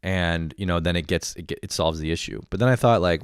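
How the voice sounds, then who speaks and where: A Canadian man in his late twenties hosts a podcast, rambling through a casual, profane, self-mocking monologue. His voice sits low and brisk with hardly any pauses, and the tone is clean, captured in a dry, clean studio recording.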